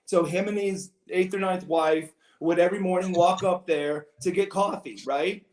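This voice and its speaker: High-voiced rambling storytelling man. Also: normal speed, echoey room. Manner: rambling storyteller, loud bursts of laughter. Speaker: podcast guest. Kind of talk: casual podcast banter.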